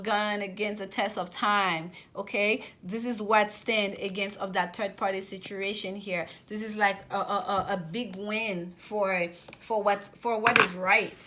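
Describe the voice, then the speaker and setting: A woman giving a general tarot reading, talking fast and often restarting and repeating words as she goes. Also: medium pitch, noisy background. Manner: rapid, repetitive with many restarts. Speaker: tarot reader.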